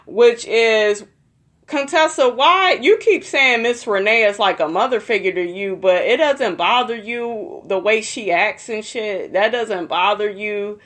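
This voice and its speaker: A woman's voice: mid-range voice, measured pace, few pauses. A young woman in a casual vlog, gossiping and swearing as she recaps a reality TV episode for her viewers. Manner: profane, gossipy, addresses viewers as y'all.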